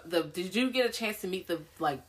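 A young adult woman co-hosting a podcast, chatting frankly and profanely while telling animated stories. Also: on the low side, fairly quick. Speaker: podcast co-host. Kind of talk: casual chat.

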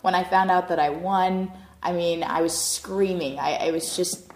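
Enthusiastic woman, lowish voice, echoey room. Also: fairly even intonation, measured pace, darkish tone. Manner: gushing, enthusiastic. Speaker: contest winner, guest. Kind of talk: casual chat. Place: castle.

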